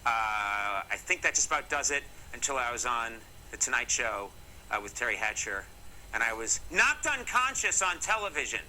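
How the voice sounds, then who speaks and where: A man's voice: mid-range voice, big pitch swings, moderate pace, sharp tone, a little hiss or hum, poor audio. A middle-aged man from Massachusetts, hosting a comedy segment and telling stories to camera in a jokey, mock-serious way with wry asides. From Massachusetts, USA. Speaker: comedy show host. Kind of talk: comic talk to camera.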